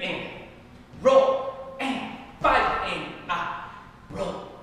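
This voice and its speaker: Brief: high, lively male dance instructor counting eights, captured from far off in an echoey hall. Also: very slow, pauses often, slight background noise. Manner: upbeat, counts beats in a sing-song rhythm. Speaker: hip hop dance teacher. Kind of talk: counting and cueing a dance class. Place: large echoey dance studio.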